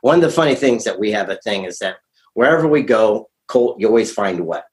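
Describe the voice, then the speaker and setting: A man's voice: on the low side, animated, fairly quick. A man being interviewed with his son, talking in a casual chat and coaxing his son with prompting questions. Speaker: guest, father.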